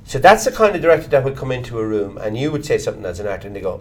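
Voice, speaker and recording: Blunt Irish man, lively swings in pitch. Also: racing. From Ireland. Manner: blunt, swears casually, animated storyteller. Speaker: actor, guest. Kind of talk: candid conversational interview.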